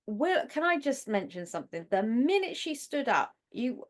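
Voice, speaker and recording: A woman co-hosting a casual film podcast, telling stories with animation and laughing easily. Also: fairly high pitch. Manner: animated storyteller, quick to laugh. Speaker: podcast co-host.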